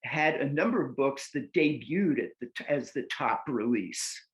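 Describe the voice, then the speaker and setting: A man hosting an interview, mostly giving short affirming replies with an easygoing, lively intonation. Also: medium pitch, moderate pace. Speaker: interviewer, host. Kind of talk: interview, brief responses.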